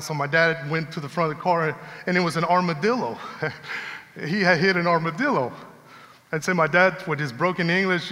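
A man preaching a sermon, telling a personal story in a conversational, animated way. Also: fairly high pitch, brisk. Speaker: pastor. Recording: long hall reverb.

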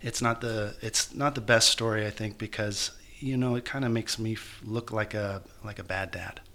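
A man being interviewed as an author, telling a painful personal story in a halting, emotional way with many restarts. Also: on the low side, fairly even intonation, bright, forceful tone. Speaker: guest author.

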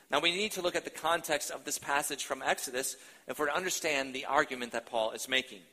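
A man's voice: mid-range voice, bright, forceful tone, rough recording. A male pastor preaching a sermon, emphatic and repeating key phrases for weight, addressing the congregation directly.

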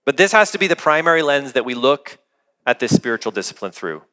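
A man's voice: mid-range voice, sing-song, fast, pushed and bright. A young adult man preaching a sermon as a pastor, earnest and conversational, often asking the congregation questions. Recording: long hall reverb.

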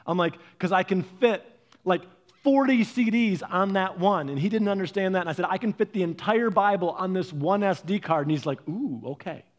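A man in his thirties tells family stories in a relaxed talk. He brings his parents to life, voicing their lines with lively ups and downs. His voice sits a little on the higher side. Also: brisk. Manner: animated storytelling, acting out his parents' lines, often lively and raised. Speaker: speaker giving a faith and parenting talk. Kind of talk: storytelling talk.

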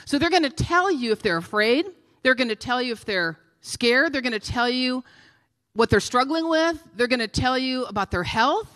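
A woman, a guest pastor preaching an animated sermon with laughs and storytelling. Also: high voice, moderate pace. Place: church sanctuary. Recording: reverberant church hall.

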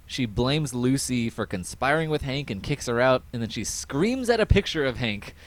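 A man hosting a podcast, casually recapping an episode in a rambling way with many fillers and quick quoted voices. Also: medium pitch. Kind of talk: casual chat.

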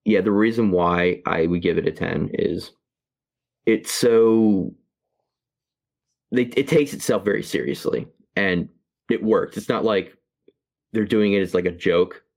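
A man co-hosting a podcast, reviewing a movie in casual chat, halting with many fillers and restarts. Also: deep voice, gravelly, darkish tone. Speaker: podcast co-host.

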